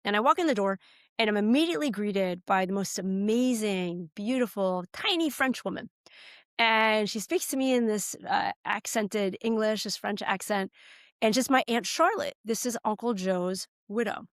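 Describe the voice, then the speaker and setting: A middle-aged American woman speaks with earnest feeling, her voice catching a little as she tells a personal story. Her pitch sits in the middle range. The sound is close and dry, with no room echo. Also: moderate pace. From United States. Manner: earnest, heartfelt, gets choked up. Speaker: guest, political candidate. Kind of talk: personal storytelling in a podcast interview.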